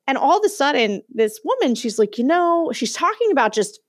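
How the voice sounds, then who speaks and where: A woman co-hosting a podcast, telling an animated story in casual chat and laughing often. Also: high-pitched, fairly quick, no room sound, studio quality. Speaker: podcast co-host.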